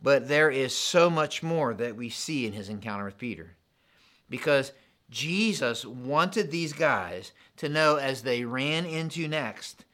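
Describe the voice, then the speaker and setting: A pastor preaching a sermon, in an animated, conversational style built on contrasts. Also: male voice, mid-range voice.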